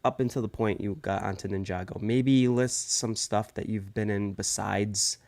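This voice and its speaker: A man hosting a podcast, asking loose, halting questions in a casual interview. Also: on the low side, fairly even intonation, vocal fry, darkish tone. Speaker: podcast host.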